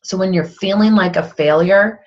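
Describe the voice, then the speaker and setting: A woman team coach speaking candidly and motivationally on a casual group call, quick to poke fun at herself. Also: mid-range voice, lo-fi sound. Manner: candid, motivational, self-deprecating. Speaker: fitness coach.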